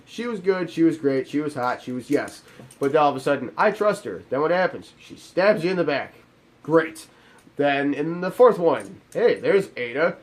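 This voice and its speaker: Male game reviewer, fairly high pitch, animated sarcastic rant.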